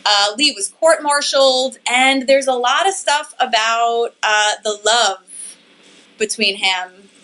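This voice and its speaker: A woman's voice: a little high, slow pace, bright, forceful tone, poor audio. A woman co-hosting a podcast, telling a story in friendly, chatty conversation. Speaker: podcast co-host. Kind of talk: casual chat.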